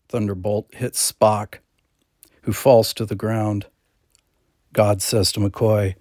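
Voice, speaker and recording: A man reading screenplay stage directions aloud in a plain, steady manner. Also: lowish voice, takes it slowly, long pauses, dry recording, clean studio sound. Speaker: script reader.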